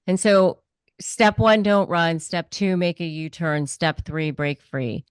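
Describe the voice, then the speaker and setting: A woman's voice: on the low side, slow, clear, resonant tone, no echo. Emphatic woman host, dry close sound. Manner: emphatic, repeats key points. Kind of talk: advice interview.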